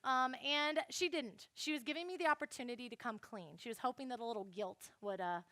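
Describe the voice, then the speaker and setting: Bright high-voiced woman telling a story. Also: fairly quick, no echo. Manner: chatty, animated, addresses the audience directly. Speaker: youth speaker. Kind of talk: storytelling Bible lesson.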